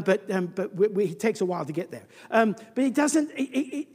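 A preacher delivering a sermon in a church, swinging from booming emphasis to a near-whisper, often restarting and repeating words. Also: long reverb tail.

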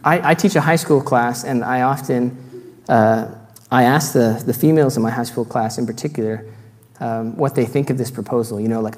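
A man's voice: medium pitch, steady tone, moderate pace, long reverb tail. A man giving an earnest teaching sermon, reading scripture passages aloud and adding light self-deprecating asides. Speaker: preacher.

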